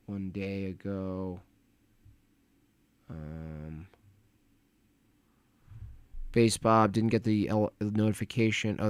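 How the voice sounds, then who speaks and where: A man's voice: on the low side, dry recording, clean studio sound. Man rambling through a casual livestream. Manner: rambling, distracted, mutters to himself. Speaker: livestream host reading chat donations.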